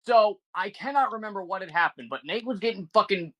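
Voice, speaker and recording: A man's voice: high voice, animated, fairly quick, pushed and bright. A man in his twenties, a podcast co-host, telling a story in casual chat with a rambling, profane manner.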